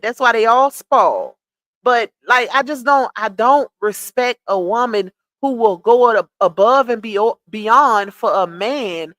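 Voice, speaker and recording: High-voiced blunt woman scolding on a livestream. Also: a bit bright, no room sound. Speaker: livestream commentator. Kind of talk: casual gossip commentary.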